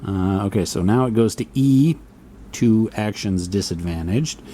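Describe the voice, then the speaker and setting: A man speaks a little slowly in a warm, low-leaning voice, with slight background noise behind him. He's thinking aloud through a solo board wargame, muttering and reading the rules to himself as he reasons out each turn.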